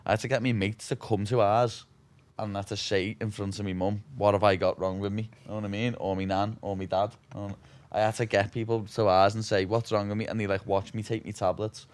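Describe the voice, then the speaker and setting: A man's voice: fairly low pitch, level tone, brisk. A man in his twenties from Liverpool with a Scouse accent, telling stories in a casual interview, swearing freely and saying "lad" constantly. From Liverpool, England. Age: 20s. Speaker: guest, fighter.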